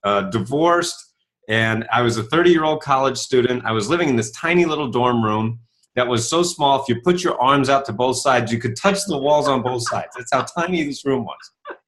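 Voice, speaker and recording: A man in his fifties tells his story as an interview guest, voicing the people in it with sudden jumps upward. His voice sits a little high for a man. He speaks with the ease of a seasoned speaker. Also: normal speed. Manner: animated, acts out quoted dialogue with rising pitch.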